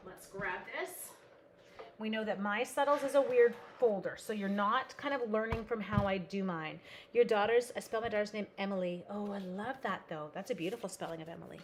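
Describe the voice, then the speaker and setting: Middle-aged woman from Canada, craft-stream host, mid-pitched, chatty and excitable, self-deprecating humor. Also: slight background noise. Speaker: host of a live card-making stream. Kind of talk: live craft tutorial with chat greetings.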